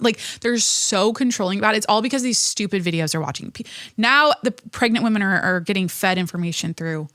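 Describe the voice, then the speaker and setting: A woman's voice: mid-range voice, a little fast, fairly bright tone, dry recording, clean studio sound. Rambling, profane pregnant woman host. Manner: rambling, profane, many restarts and fillers. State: pregnant and short of breath. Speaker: podcast host. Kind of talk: casual chat.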